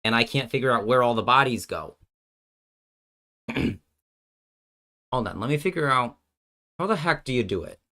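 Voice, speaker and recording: A man's voice: mid-range voice, expressive, moderate pace, long pauses, bright, forceful tone. A man hosting a casual live stream, working out card game plays while joking with his chat and thinking aloud, often breaking off mid-sentence. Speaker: streamer and host.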